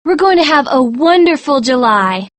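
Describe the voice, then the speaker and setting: A reader voicing a bright eager teenage girl. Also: high-pitched, animated, normal speed, dry recording, pitched above the performer's own voice. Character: cheerful teenage girl Michelle.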